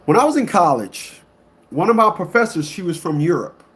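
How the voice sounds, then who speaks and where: With a somewhat high-pitched voice, this male online commentator rants to his online audience, blunt and emphatic, hammering the same words over and over. His pitch swings widely at a moderate pace as he alternates between loud bursts and quiet muttering.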